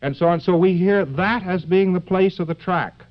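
A man's voice: high voice, moderate pace. Joking man rambling through a lecture. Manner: joking, digressive, many fillers and rhetorical asides. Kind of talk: rambling live lecture to an audience. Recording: dull lo-fi old lecture recording.

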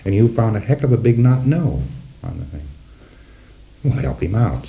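Lowish guy giving a chatty lecture, acts out bits of dialogue, muffled old tape sound. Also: very animated, normal speed, creaky, long pauses, a little hiss or hum. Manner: conversational, acts out dialogues and chuckles at his own examples. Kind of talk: informal lecture to trainees.

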